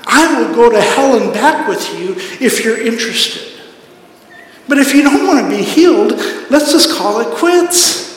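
Male pastor, sermon, earnest emphatic preaching, high voice, very echoey church hall. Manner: earnest preaching, builds to emphatic climaxes then drops soft.

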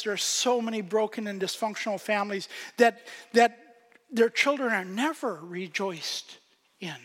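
A man preaching a sermon as pastor, swinging from loud emphasis to hushed whispers. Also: sits high, big-room sound.

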